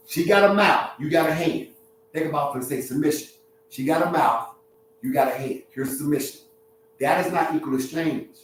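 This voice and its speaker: A man who is a relationship counselor, talking to his livestream chat in an animated, preachy way with street slang. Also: a little high, normal speed. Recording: very echoey room, distant mic, faint hum.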